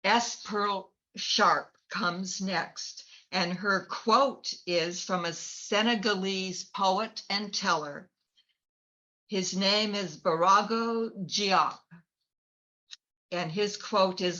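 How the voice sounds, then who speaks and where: A woman hosting a storytelling event over a video call, speaking haltingly with fillers. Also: mid-range voice, sharp tone. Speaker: host. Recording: dull lo-fi video call audio.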